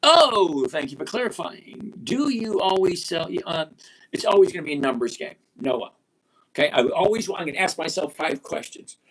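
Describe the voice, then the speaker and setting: High-voiced retired man in his sixties. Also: very animated, a bit bright. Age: 60s. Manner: blunt, emphatic, repeats key points slowly. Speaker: livestream host. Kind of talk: live stock-trading chat.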